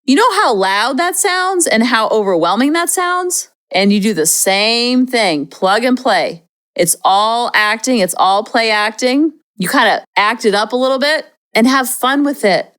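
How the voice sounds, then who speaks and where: A woman's voice: on the high side, animated, measured pace, fairly bright tone. A woman hosting a parenting podcast, giving casual, upbeat advice in a chatty way. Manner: chatty and upbeat, slips into playful acted demonstrations.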